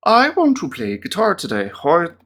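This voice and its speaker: Slow gravelly guy, german teacher talking to himself thru app drills, chatty, pokes fun at himself. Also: medium pitch, lively intonation, a bit bright. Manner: chatty and self-mocking, muttering answers aloud. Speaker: German language teacher and YouTuber. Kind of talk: casual thinking-aloud commentary on a language app.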